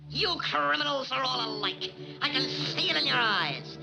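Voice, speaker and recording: A man voicing an excitable, scrappy male cartoon duck in 1940s cartoon style, sputtering out insults in a frantic manner. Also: extremely high pitch, moderate pace, vocal fry, soft background music, full character voice, poor audio. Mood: scornful. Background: loud orchestral cartoon score.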